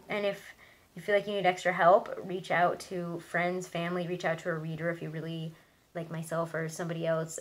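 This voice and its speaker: A young woman with a lowish voice chats through a tarot reading, reassuring her viewers and filling gaps with "um" and "like." The rough recording carries a faint hiss, and her voice is creaky.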